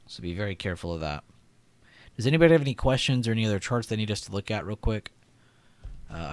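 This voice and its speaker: A young man hosting a live trading stream, chatting casually, reading comments and laughing often. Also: sits low. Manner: chatty, reads chat aloud, laughs often. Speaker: livestream trading host.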